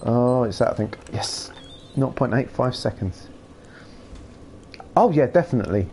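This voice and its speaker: A young man streams a game and chats casually and playfully with his live chat, rambling and breaking into silly shouts. His medium-pitched voice is animated and unhurried, and there's a little hiss or hum.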